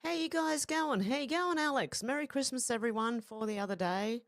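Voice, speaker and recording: A woman's voice: on the high side, expressive, normal speed, dry recording, clean studio sound. An Australian woman hosting a casual livestream, chatty and greeting viewers by name. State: sore back. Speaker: livestream host.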